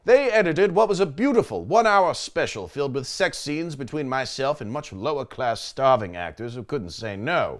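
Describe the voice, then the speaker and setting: A man playing a pompous, vulgar middle-aged British actor in a comedy sketch, with a put-on British accent and a haughty, crude manner. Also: a little high.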